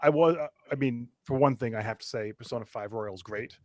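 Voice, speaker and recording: A man's voice: mid-range voice, fairly quick. A man co-hosting a gaming podcast in casual chat, earnest and thinking aloud with restarts. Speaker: podcast co-host.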